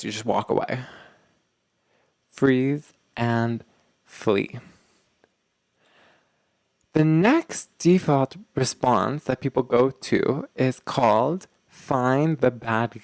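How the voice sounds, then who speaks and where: A young adult man hosting a podcast, explaining ideas to listeners in an animated way and acting out quoted arguments with loose filler words. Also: mid-range voice, vocal fry, dry recording. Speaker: podcast host.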